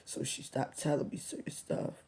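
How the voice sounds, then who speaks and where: A woman vlogger speaking softly and haltingly to her subscribers, holding back tears as she tells a personal story, often dropping near a whisper. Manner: soft, halting, often near a whisper, with many pauses and ums.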